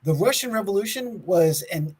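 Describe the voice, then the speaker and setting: Husky, laughing podcast man. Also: sits high, lively intonation, normal speed, a little mellow, low-quality recording. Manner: laughs often, stumbles over words while reading aloud. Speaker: podcast co-host. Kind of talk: casual conspiracy podcast talk, reading from notes.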